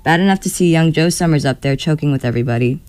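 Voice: mid-range voice, fast talker, a little mellow, smooth, no echo, natural voice. A reader reading aloud and voicing a grumpy old man who snorts and grumbles about young folks. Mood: grumbling.

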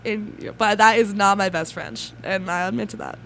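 A woman's voice: medium pitch, moderate pace, gravelly, a bit bright. Young woman co-host, stuffy cold voice, giggly and self-deprecating, faint background noise. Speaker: radio show co-host. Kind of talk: casual chat.

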